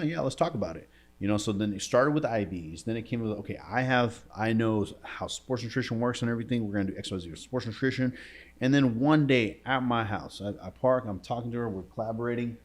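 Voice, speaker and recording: Low-voiced man telling a story, emotional. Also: fast talker. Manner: emotional storytelling, often drops to a quiet low voice; casual slangy talk, says bro and dude. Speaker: entrepreneur guest. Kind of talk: storytelling in a podcast interview.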